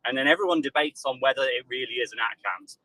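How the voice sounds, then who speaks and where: A man's voice: mid-range voice, fast talker, pushed and bright, no room sound, poor audio. A British man in casual panel chat, sarcastic and joking, acting out other voices as he talks. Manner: sarcastic, acts out voices of nations.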